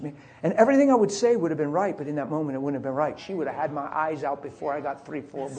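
A man's voice: fairly high pitch, fast talker, hardly any pauses, darkish tone, slightly rough. A middle-aged man preaching, telling an emotional personal testimony in a confessional way. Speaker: pastor.

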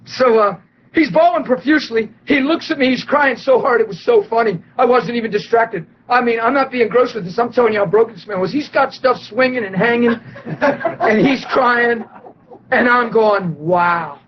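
A man preaching and telling a story, animated and excitable, acting out quotes and laughing often. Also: extremely high pitch, normal speed, dull audio, slight background noise. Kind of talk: sermon storytelling.

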